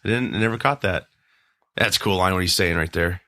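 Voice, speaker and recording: A man's voice: low-pitched, brisk, sharp tone, no echo, studio quality. An American man co-hosting a movie commentary podcast, joking around, laughing and slipping into silly voices. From United States. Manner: jokey, laughing, drops into silly put-on voices. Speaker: podcast co-host.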